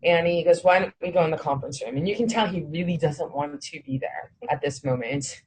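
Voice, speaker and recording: Woman, low husky voice, animated storyteller who plays out both sides of a conversation. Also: fairly quick, poor audio. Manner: animated, quotes others in dialogue, swears when heated. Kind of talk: recounting a personal story.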